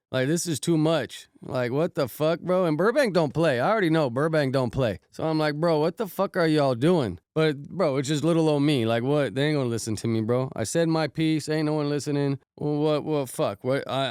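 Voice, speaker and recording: A man with a slightly high, smooth voice recounts a wild night in loose, slang-heavy, profane chatter. His voice is recorded close and dry. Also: darkish tone, no room sound. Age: adult, married with kids. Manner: slangy, profane, repeats "bro" often. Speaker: podcast host recounting an incident. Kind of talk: casual storytelling.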